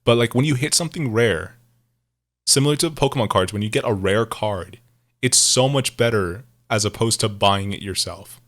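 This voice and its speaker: A man with a fairly low voice chats loosely on a podcast. He rambles, circles back to the same points, and laughs easily, dropping the odd swear word. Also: moderate pace, fairly bright tone. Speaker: podcast co-host. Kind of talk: casual chat.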